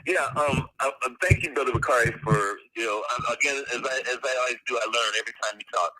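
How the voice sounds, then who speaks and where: A man calling in to an online talk radio show, hesitant and full of fillers before he rushes on. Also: medium pitch, pushed and bright, poor audio.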